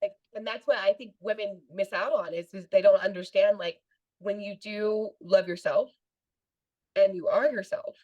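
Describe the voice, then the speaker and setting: A woman's voice: mid-range voice, steady tone, normal speed, muffled recording. A woman guesting on a podcast, telling stories in a chatty, casual way and laughing often. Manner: chatty storytelling with frequent laughter. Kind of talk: casual interview chat.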